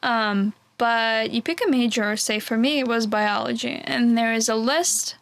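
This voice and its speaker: A woman's voice: on the high side, a little slow, gravelly, no echo. A young woman in her twenties answering questions in a casual, chatty way, with many fillers. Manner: chatty, filler-heavy, relaxed. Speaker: interviewee.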